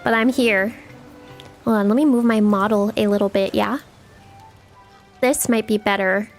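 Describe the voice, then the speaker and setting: A woman's voice: mid-range voice, steady tone, unhurried, faint music behind. A young woman streaming a game live, chatting with her viewers in a playful, teasing way.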